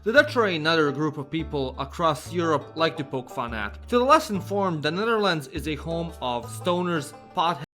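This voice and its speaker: Bright, higher-pitched male narrator for a comedic explainer, sarcastic, faint music underneath. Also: lively intonation, moderate pace, few pauses. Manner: sarcastic, wry. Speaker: video narrator.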